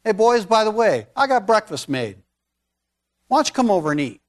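A man's voice: high-pitched, very animated, moderate pace. A preacher voicing a friendly, casual man calling out to fishermen in a chummy, folksy way.

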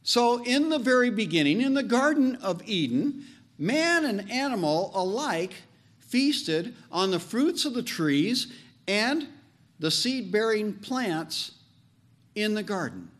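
A man preaching a sermon as pastor, animated and joking, leaning on slow emphatic phrases. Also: sits high.

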